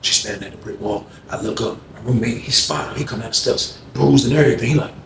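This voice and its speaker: A man animatedly telling a story, acting out other people's voices in loud, high bursts. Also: quick pace, vocal fry. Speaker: storyteller recounting jail events. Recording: echoey room with faint background noise.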